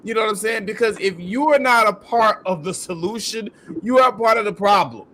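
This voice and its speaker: A man's voice: sits high, a little fast, sharp tone. A man hosting a podcast, ranting in heated, profane, incredulous commentary. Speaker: podcast host.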